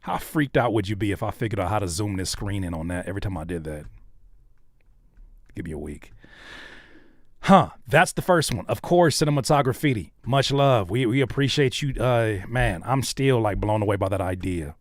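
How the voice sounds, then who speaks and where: A man hosting a live stream, reacting to viewers' songs with joking, animated commentary that swings from hushed to loud. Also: on the low side, moderate pace, no room sound, clean studio sound. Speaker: host reacting to viewer music.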